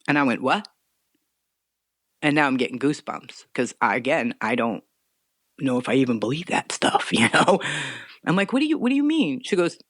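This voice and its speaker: A woman's voice: deep voice, animated, normal speed, no echo. A middle-aged woman earnestly recounting a personal story as a podcast guest, sometimes choked up. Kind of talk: personal story told in an interview.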